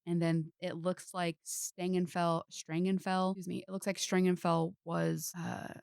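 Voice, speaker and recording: A player at a tabletop game, talking casually and rambling through explanations. The voice is mid-pitched with a gravelly, fry-laden edge, recorded dry and close. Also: level tone, measured pace, dry recording. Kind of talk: casual chat.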